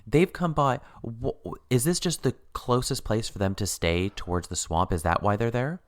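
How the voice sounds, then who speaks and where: A man co-hosting a podcast, chatting casually as he recaps a TV show and acts out characters' lines. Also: mid-range voice. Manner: animated, acts out characters' lines in quick mock voices. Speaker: podcast co-host.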